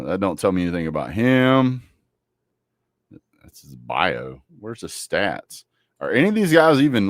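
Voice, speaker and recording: This is a lower-voiced man, talking casually on a football livestream. He jokes and trash-talks bluntly, and his voice sits close and dry on the mic with no room around it. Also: no echo. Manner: joking, blunt trash talk with a Southern drawl of words. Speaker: sports livestream host.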